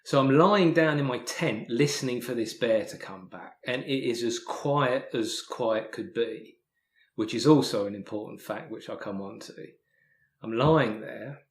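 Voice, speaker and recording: An English man, a podcast guest, telling a story in casual talk, halting with many restarts and repeated words. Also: mid-range voice, echoey room. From England. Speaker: podcast guest, hiker and author.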